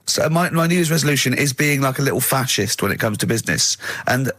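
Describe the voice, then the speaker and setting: A man's voice: medium pitch, animated, fast talker, fairly bright tone, dry recording. A man hosting a radio show, chatting casually in a studio and acting out dialogue in put-on voices. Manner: acts out dialogue in put-on voices, laughs often. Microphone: studio microphone.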